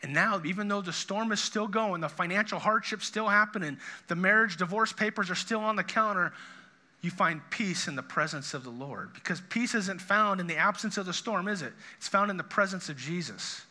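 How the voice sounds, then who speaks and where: A middle-aged pastor preaches a sermon earnestly and conversationally, restarting his sentences often. His high-pitched voice is brisk, pushed and bright.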